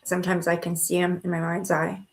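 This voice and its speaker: A middle-aged woman runs a live stream of spiritual readings in a low, monotone voice with vocal fry, speaking fairly quickly. She chats loosely with many restarts and fillers, soothing viewers with endearments like honey and sweetheart.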